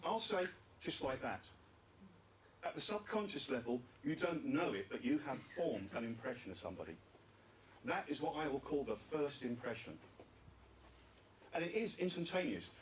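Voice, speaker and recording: Captured on a distant mic with faint background noise, a man with a mid-range voice speaks very animatedly at a moderate pace. His interactive talk at a speaking club conference has him questioning the audience and repeating what they say.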